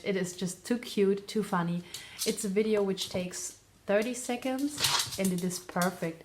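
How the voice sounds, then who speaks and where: A woman's voice: mid-range voice, slight background noise. A young woman with a German accent, chatting casually as a podcast host from home, laughing often and correcting her own English. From northern Germany. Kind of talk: casual chat. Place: home in Lower Austria.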